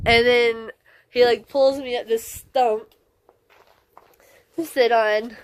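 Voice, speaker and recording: A woman's voice: on the high side, fairly even intonation, takes it slowly, pauses often, fairly bright tone, clear, resonant tone. An exhausted, emotional woman hiker vlogging to camera indoors in a half-built shelter, gushing and rambling and often laughing. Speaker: long-distance hiker. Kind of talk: casual vlog, talking to camera.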